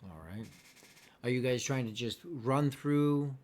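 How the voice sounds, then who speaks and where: A man running a tabletop game as game master, easygoing and a little halting as he calls for rolls. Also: mid-range voice, a little mellow, slight background noise.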